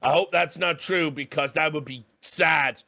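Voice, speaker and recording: A man putting on a gruff, blustering voice of a macho bounty hunter while retelling a TV scene. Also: fairly high pitch, measured pace, sharp tone, heavily acted.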